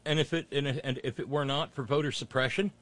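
A man's voice: medium pitch, fairly even intonation, fairly quick, a bit bright. A man hosting political commentary, mocking clips with sarcastic asides and rising rants.

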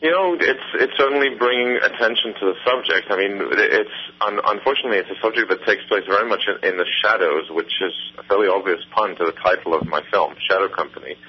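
Deep fast-talking man on a phone line. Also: breathy edge. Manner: quick, thoughtful, self-correcting. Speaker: documentary filmmaker guest. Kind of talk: radio interview answer.

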